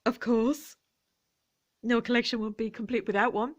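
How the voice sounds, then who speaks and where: Woman, quiet relaxed show-and-tell vlog, soft voice that slips into whispers, slightly high. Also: moderate pace. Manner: chatty, playful asides and laughter. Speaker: vintage jewellery vlogger.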